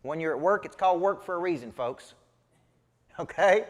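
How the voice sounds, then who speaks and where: A high-pitched, expressive male voice with a Southern US accent moves at a moderate pace with long pauses, followed by a long reverb tail. He gives a live business coaching talk, a motivational training session, in an emphatic, folksy, preachy manner while asking the audience questions.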